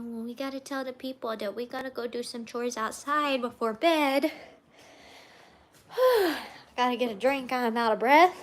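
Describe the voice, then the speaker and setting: High-voiced woman cooing to rabbits. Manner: chatty, coos to her pet rabbits. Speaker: live stream host. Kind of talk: casual late-night live stream chat. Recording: roomy room with faint noise.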